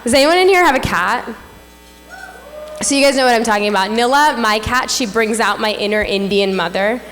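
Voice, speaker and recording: A woman's voice: on the high side, fairly quick. Young woman doing stand-up in a hall. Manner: animated punchline delivery, playful and self-mocking. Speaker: stand-up comedian and emcee. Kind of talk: stand-up comedy set. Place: stage at a large gala hall. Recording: echoey hall, faint room ambience.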